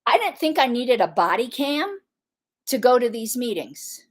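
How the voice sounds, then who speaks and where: Animated woman telling an indignant story. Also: fairly high pitch, a little slow. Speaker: political commentator, party secretary. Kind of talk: casual commentary monologue.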